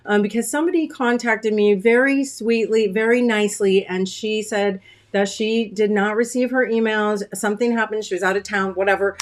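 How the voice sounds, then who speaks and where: A woman hosting a casual craft-studio livestream, greeting viewers by name with chatty, friendly talk and frequent ums, clearing her throat now and then. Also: medium pitch, fairly even intonation, normal speed, few pauses. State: throat-clearing, choked up after dinner. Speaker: craft shop owner hosting a weekly livestream.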